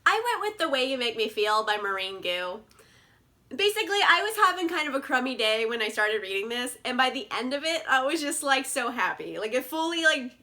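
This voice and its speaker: Young woman book vlogger: high, bright, bubbly, filler-heavy chat. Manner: bubbly, gushing, lots of "like" fillers. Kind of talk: casual chat.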